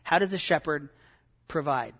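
High-voiced man preaching casually. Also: normal speed, fairly bright tone. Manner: conversational, self-deprecating, many fillers and restarts. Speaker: pastor. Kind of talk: sermon.

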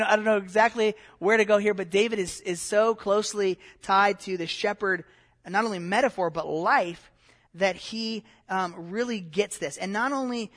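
A man's voice: sits high, fairly bright tone. A middle-aged man giving a conversational sermon as a pastor, with many fillers and restarts.

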